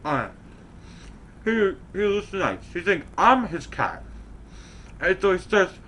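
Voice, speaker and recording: A man's voice: high-pitched, very animated, a little slow, fairly bright tone, slight background noise, full character voice. A man playing a goofy, easygoing best friend.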